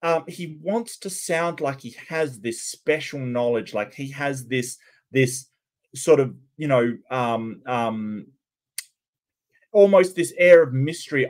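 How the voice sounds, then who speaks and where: A man's voice: on the high side, lively intonation, takes it slowly, a little mellow. A man hosting casual reaction commentary, incredulous and questioning, with frequent restarts. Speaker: commentary host.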